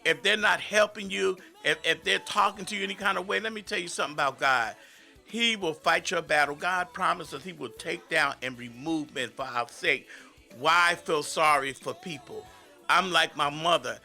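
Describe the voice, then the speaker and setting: Male American preacher, fervent sermon delivery, very bright voice, faint music bed. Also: a little high, moderate pace, creaky. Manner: emphatic, rising into fervent declarations. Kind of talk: radio sermon.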